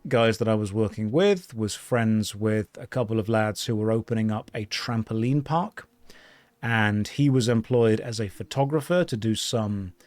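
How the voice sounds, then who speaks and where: In a dry recording, a medium-pitched man live-streams an online game, reading his viewers' messages out loud. He keeps the chat casual and his jokes deadpan.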